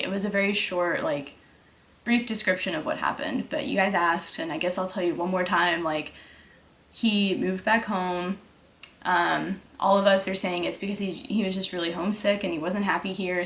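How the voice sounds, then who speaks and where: In a casual Q&A vlog, a young fitness vlogger from Texas responds to viewer questions with a mild Texas accent and frequent "like" fillers. Her medium-pitched voice is a bit bright, and the space is reverberant.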